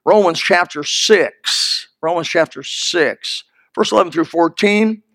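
High-voiced folksy male preacher. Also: unhurried, fairly bright tone, dry recording. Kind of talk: sermon.

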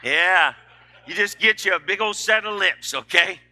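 A man's voice: high-pitched, fairly quick, pushed and bright. A middle-aged man, preaching a sermon in a folksy, emphatic, joking way.

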